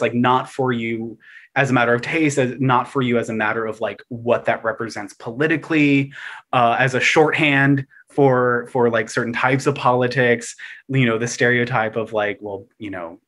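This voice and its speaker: A man chatting casually as a podcast guest, animated and profane, full of fillers and restarts, jumping between loud emphatic bursts and quiet mocking asides. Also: medium pitch, moderate pace.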